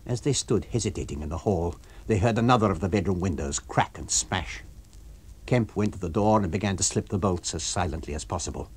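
A man narrating an abridged novel for radio in a measured, expressive storytelling manner. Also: low-pitched, husky. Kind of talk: abridged audiobook reading for radio.

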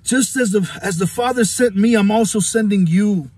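A man preaches passionately into his phone, his voice very high and husky. He circles back on his words, fires rhetorical questions at the listener, and breaks into laughter. The sound is close and dry. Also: normal speed, a little mellow, no room sound. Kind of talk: impassioned phone-recorded Bible devotional. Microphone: phone camera.

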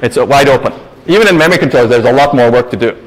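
A man's voice: medium pitch, animated, racing, a little hiss or hum, poor audio. A man giving a university lecture and taking audience questions, emphatic and explanatory, often stressing his points. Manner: explanatory, emphatic, leans on "actually". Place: lecture hall.

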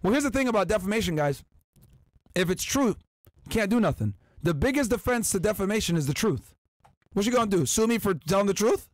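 A man's voice: high-pitched, lively intonation, fast, no echo, clean studio sound. A man hosting a podcast, reading out viewer chats and answering them in an emphatic, combative, profane way. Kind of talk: casual podcast chat.

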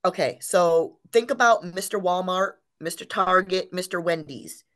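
A woman with a slightly low voice co-hosts a casual business webinar on branding. She talks in an animated way, acts out little quotes and checks in with her listeners. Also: a little slow. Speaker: webinar co-host.

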